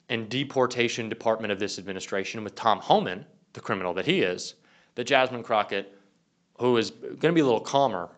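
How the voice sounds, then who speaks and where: A man's voice: medium pitch, fairly bright tone. A young man delivering an angry, profane political commentary rant. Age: young adult.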